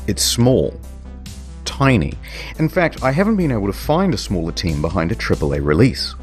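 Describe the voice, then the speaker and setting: A man's voice: on the low side, big pitch swings, normal speed, faint music behind. Dry sardonic male narrator. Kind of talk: comedic scripted narration.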